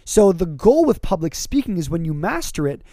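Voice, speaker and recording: Emphatic, fast-rising male podcast coach. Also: high-pitched, no room sound, clean studio sound. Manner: energetic, emphatic, rising to excited peaks; many fillers and word repeats. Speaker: public speaking coach. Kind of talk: podcast monologue.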